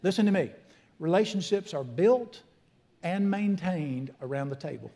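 A man's voice: sits high, animated, normal speed, dark tone. A middle-aged man, preaching a folksy, emphatic sermon as a pastor in a church. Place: church sanctuary.

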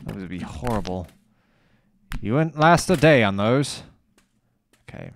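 A man talking through a video game as he plays, his voice leaping up and down in pitch. He speaks at an unhurried pace, swears freely and scolds himself aloud between bursts of excitement. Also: creaky. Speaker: gamer playing a video game. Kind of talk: let's play commentary.

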